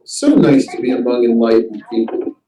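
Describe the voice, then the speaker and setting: A man hosting a casual group chat, telling animated stories and shouting out the lines he quotes. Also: mid-range voice, moderate pace, noisy background. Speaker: host. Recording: distant mic in echoey room.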